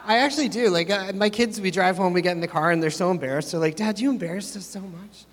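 A man's voice: high voice, quick pace. A middle-aged man preaching a sermon as pastor, chatty and self-mocking, rambling between jokes. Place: church hall. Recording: reverberant church hall.

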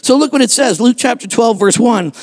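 A man with an unusually high voice preaches to his congregation. He builds to shouted emphasis and keeps throwing rhetorical questions at the room. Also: a little fast, no echo. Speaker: pastor. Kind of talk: sermon. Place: church, before a congregation.

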